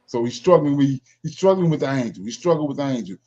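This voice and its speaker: Quick and sing-song, this man's mellow, medium-pitched voice leads a relaxed Bible study. After reading each verse aloud he explains it emphatically, often adding "right?" The recording quality is dull lo-fi.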